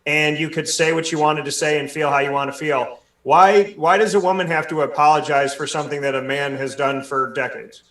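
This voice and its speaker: A man hosting a sports talk show, speaking in an animated way with many restarts. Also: fairly high pitch, fairly quick, reverberant, recorded from a distance. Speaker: sports radio show host. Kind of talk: casual discussion, hosting.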